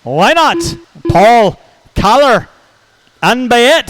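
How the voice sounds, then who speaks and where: A man calling a hobby race over the track speakers, brisk and jokey, reeling off driver names in quick runs. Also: extremely high pitch, lively intonation, fairly bright tone, a little hiss or hum, low-quality recording. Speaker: race announcer. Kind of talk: live race commentary.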